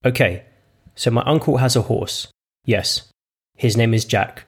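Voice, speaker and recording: A man voicing a naive, cheerful young woman with a bright, lilting delivery in a read-aloud story. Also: mid-range voice, unhurried, breathy edge. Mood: matter-of-fact.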